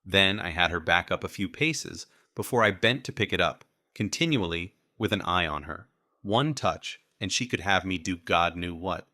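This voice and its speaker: A man narrating a first-person audiobook in a steady, wry manner. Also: low-pitched, normal speed, dry recording, clean studio sound.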